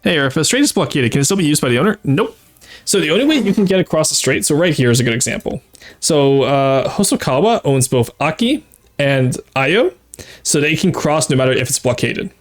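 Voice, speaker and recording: A man's voice: fairly high pitch, big pitch swings, brisk. Man thinking aloud over a game. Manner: thinking aloud, explaining tactics with frequent fillers. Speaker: streamer playing a strategy game. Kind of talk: casual live-stream commentary.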